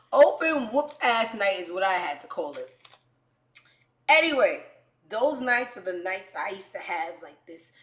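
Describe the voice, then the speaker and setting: A woman hosting a show, telling stories in a brash, profane way, swinging from quiet asides to loud outbursts. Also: on the low side, echoey room. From New York. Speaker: show host. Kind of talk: casual comedic storytelling.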